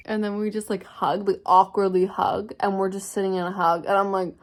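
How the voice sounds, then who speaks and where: This young woman vlogger has a mid-range voice at a normal speed. In her casual storytime vlog she candidly recounts a personal tale full of swearing, animatedly playing out other people's lines.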